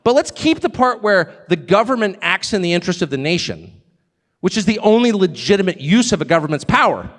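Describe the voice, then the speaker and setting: Lively high-voiced man, echoey hall. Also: brisk. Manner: digressive, joking, emphatic. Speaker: guest speaker at a live event. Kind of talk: live stage speech.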